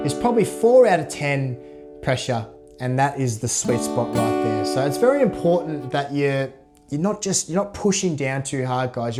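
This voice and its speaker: A man giving a casual guitar lesson, relaxed, counting beats aloud as he demonstrates. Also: on the high side. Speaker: guitar teacher. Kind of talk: casual instructional talk. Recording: loud guitar under voice. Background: guitar playing.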